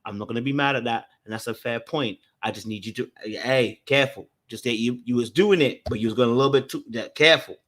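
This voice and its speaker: A man hosting, giving casual commentary in a calming, reassuring way. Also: mid-range voice, fast, few pauses. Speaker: host.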